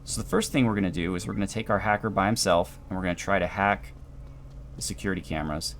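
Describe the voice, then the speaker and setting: A man giving calm, dry, explanatory commentary while playing a video game. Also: low voice, fast, slight background noise. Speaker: gameplay commentator. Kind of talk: let's play commentary.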